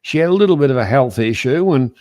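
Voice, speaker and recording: A man hosting a casual chat, teasing his guest and talking in halting restarts. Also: medium pitch, animated, a little mellow. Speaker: host.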